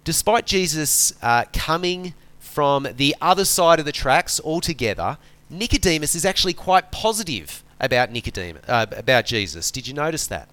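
A man preaching a conversational sermon, relaxed and chatty, often asking his listeners rhetorical questions. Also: a little high, normal speed, no room sound.

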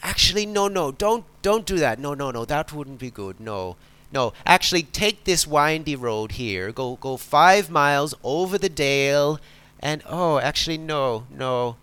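A dithering old Irish farmer, a rambling countryman who cannot settle on directions, as a preacher puts him on. The put-on Irish accent is clumsy and wavers, rising higher than a plain speaking voice. He keeps backtracking and correcting himself. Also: animated, a little slow, sharp tone, clear, resonant tone, dry recording. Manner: dithering, keeps changing his mind.

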